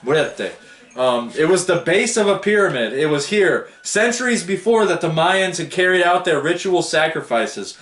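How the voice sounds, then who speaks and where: A man's voice: fairly high pitch, animated, moderate pace, a bit bright, echoey room. A man giving a casual, rambling book review, stumbling over foreign names and laughing at himself.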